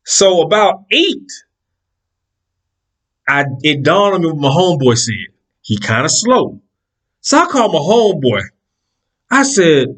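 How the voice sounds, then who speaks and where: Animated, lively-voiced man telling stories. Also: sits high, moderate pace, pauses often. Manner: animated, profane, exasperated. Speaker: storyteller. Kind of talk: casual personal storytelling.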